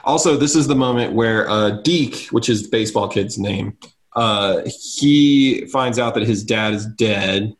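A man's voice: lowish voice, a little slow. A man co-hosting a podcast, chiming in with dry asides during a movie recap. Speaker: podcast co-host. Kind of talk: casual chat.

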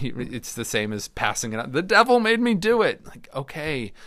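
Speaking in a low-leaning voice with a fairly bright tone and no echo, a middle-aged man who is a Lutheran pastor teaches a Bible study and reads scripture aloud. His delivery is conversational, with fillers, restarts, and acted-out quoted voices.

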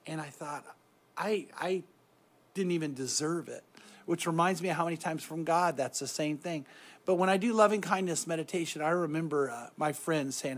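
Soft-spoken middle-aged man, slightly high voice. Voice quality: soft-spoken, often trailing off quietly. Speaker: Christian speaker guiding meditation. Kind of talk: reflective devotional talk.

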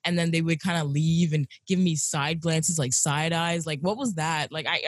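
A woman co-hosting a podcast in casual chat, lively and acting out her own quoted speech. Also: sits low, normal speed, no echo, studio quality. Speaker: podcast co-host.

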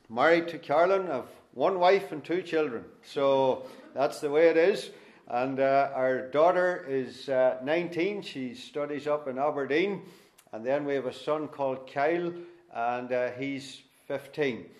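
A middle-aged Northern Irish man speaking as a guest preacher, with a voice that sits at an ordinary middle pitch. He talks in a homely, folksy manner with gentle self-deprecating humour. He eases into the sermon and the scripture reading at a relaxed, conversational pace. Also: reverberant. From Northern Ireland. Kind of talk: sermon introduction and Bible reading.

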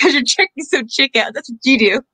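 A woman with a high voice answers her co-hosts with exasperated, rapid comebacks. Her voice sits dry and close on the mic, with no room sound around it. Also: animated, sharp tone, dry recording. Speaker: podcast co-host. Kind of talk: casual chat.

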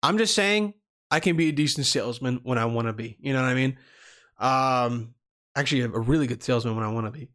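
A man's voice: mid-range voice, fast talker, fairly bright tone. A man telling a long personal story in casual talk, rambling with restarts and swearing freely. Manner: rambling, swears freely, acts out quoted people.

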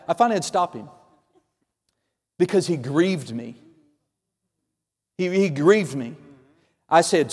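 This pastor speaks at an unhurried pace and stops often, his voice sitting fairly high. He swings between hushed passages and loud proclamations, all echoing with the long reverb of a big church hall.

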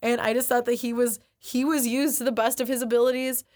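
A woman's voice: on the high side, a little fast. Chatty young woman, filler-heavy talk. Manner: chatty, heavy use of "like", animated retellings. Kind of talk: casual chat.

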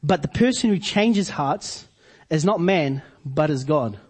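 A man preaching a sermon to his congregation, repeating key phrases slowly for emphasis. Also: fairly high pitch, lively intonation, a little mellow, husky. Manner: preaching with slow emphatic repetitions. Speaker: pastor.

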